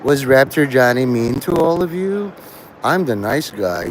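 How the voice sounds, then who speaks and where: A man's voice: medium pitch, sing-song, measured pace, slight background noise, rough recording. A man hosting a livestream, talking to his chat in a crude, rambling way and laughing at his own jokes. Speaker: livestream host.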